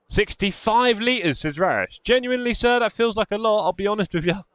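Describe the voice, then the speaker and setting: A man's voice: fairly high pitch, a bit bright, clean tone, dry recording. A man chatting casually while sim racing on a live stream, reading out chat. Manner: chatty, reads chat aloud while driving. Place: home sim racing rig.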